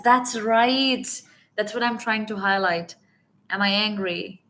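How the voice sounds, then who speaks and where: A woman's voice: mid-range voice, slow pace, pauses often. A woman coaching business English in a live online lesson, talking animatedly and checking in often with her viewers. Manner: animated teaching with repeated check-ins. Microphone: webcam or phone mic on a live stream.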